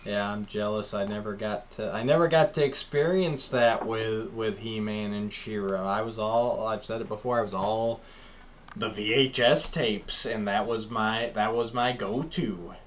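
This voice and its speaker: A man's voice: lowish voice, steady tone, measured pace, slight background noise. A man co-hosting a podcast, rambling animatedly through childhood memories in casual chat with many fillers. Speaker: podcast co-host.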